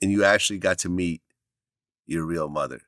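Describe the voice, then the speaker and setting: A man's voice: low voice, moderate pace, a bit bright, no echo, clean studio sound. A man hosting an interview, recapping the guest's story and asking leading questions. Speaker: interviewer, host.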